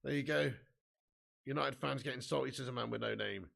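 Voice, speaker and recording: Gravelly man, sweary fan rant. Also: medium pitch, a little fast, a bit bright. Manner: blunt, sweary, frustrated fan banter. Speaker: football watch-along host. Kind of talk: live fan commentary and chat reading.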